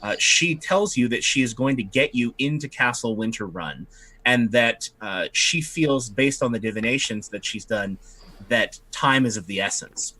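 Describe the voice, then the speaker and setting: Guy running a tabletop game, middle pitch, loose rambly narration. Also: expressive, moderate pace, pushed and bright. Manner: rambling, lots of fillers and restarts. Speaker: game master.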